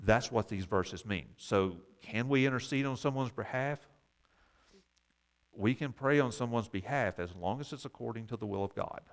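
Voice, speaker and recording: Male Bible class teacher, explanatory, mid pitch, wry asides. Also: normal speed.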